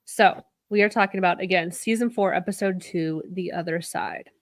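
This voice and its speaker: A woman's voice: on the low side, moderate pace, no room sound. A woman co-hosting a podcast, recapping an episode in casual chat, swearing freely and acting out the characters' lines. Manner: chatty, swears casually, acts out quoted lines. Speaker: podcast co-host.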